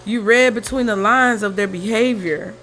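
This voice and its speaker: In a room at home with the window open, a woman reads tarot casually, chatting, swearing and thinking aloud while flipping cards. Her voice is medium-pitched and a bit bright, at a normal speed, with faint street and traffic noise outside.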